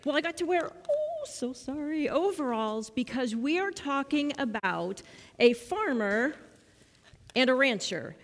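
Woman leading a children's message; coaxing, question-asking, a bit high-pitched, with a reverberant sanctuary sound. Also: unhurried. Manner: lively, coaxing, encouraging, asks questions. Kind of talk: children's sermon with questions to kids. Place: church sanctuary.

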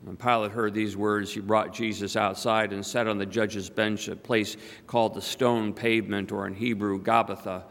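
Conversational pastor in a church. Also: male voice, on the low side, flat delivery, normal speed, vocal fry, few pauses, fairly bright tone. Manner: conversational, humorous. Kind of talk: scripture reading and sermon. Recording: long church reverb.

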